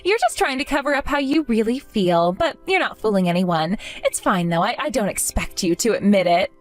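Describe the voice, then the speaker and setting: A woman's voice: mid-range voice, animated, fairly quick, soft background music, natural voice. A woman voicing a smug, condescending young sister-in-law who belittles others in a narrated story. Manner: mocking and belittling. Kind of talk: narrated story role-play.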